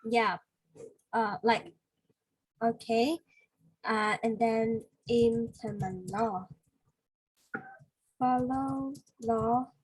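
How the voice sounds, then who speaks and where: Slow, husky woman teaching vocabulary. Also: a little high, flat delivery, no room sound, low-quality recording. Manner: patient explaining with many fillers. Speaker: English teacher. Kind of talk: one-on-one vocabulary lesson.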